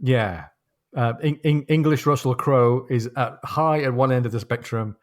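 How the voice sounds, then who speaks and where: A man co-hosting a podcast, chatting casually about a novel and reading passages aloud slowly and deliberately. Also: medium pitch, a crowd in the background. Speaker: podcast co-host. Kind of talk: casual book discussion with read-aloud passages.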